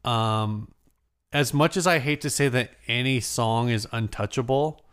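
A man's voice: medium pitch, measured pace, a bit bright, clean tone. A man co-hosting a casual podcast, rambling and self-deprecating, often trailing off mid-thought. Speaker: podcast co-host. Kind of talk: casual chat.

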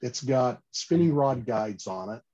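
A man's voice: mid-range voice, measured pace. Chatty storytelling man, slightly dull audio. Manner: animated storyteller, frequent restarts and "you know". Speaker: fishing gear company guest. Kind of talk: casual podcast interview storytelling.

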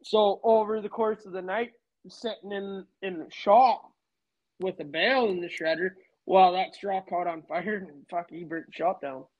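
A man's voice: high voice, moderate pace, dull audio. A man telling a work story in casual chat, laid-back, swearing freely. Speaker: podcast guest.

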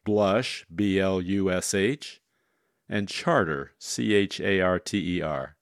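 A man running a word puzzle on radio, calmly spelling words out letter by letter and explaining the next challenge. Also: deep voice, slow pace, dry recording, clean studio sound. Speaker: puzzle master.

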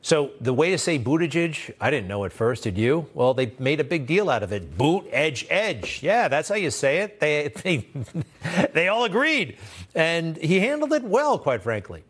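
A man's voice: fairly high pitch, big pitch swings, normal speed. A man hosting a news show, giving blunt, sarcastic political commentary in a conversational way. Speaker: host.

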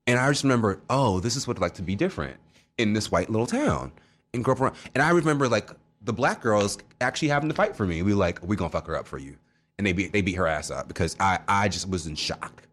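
A man in casual chat, telling stories with sassy, animated asides. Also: fairly low pitch, quick pace.

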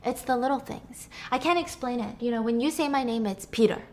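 A woman's voice: on the high side, a little fast, darkish tone, close to an everyday voice. A woman playing a young guy, awkward, evasive, stammering.

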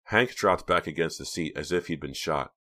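Very deep-voiced male audiobook narrator. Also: normal speed, bright, forceful tone.

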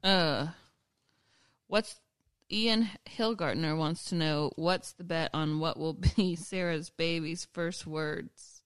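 A woman co-hosting a podcast, chatting casually, laughing often and telling lively stories. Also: low-pitched, slow, smooth, dry recording. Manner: laughs often, animated storytelling. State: pregnant. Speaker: podcast co-host. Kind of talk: casual chat.

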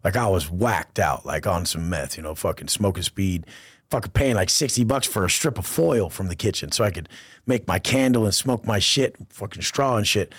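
A man's voice: deep voice, lively intonation, normal speed, fairly bright tone, husky, no echo, clean studio sound. A man as a podcast guest, telling stories in casual, profane street slang and acting out the people he quotes. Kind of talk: casual storytelling interview.

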